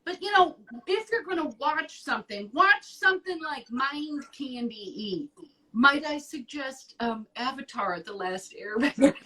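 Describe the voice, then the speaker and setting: A woman hosting an advice show in casual chat, blunt and profane, talking with animated emphasis. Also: sits high, slow pace, far from the mic, low-quality recording.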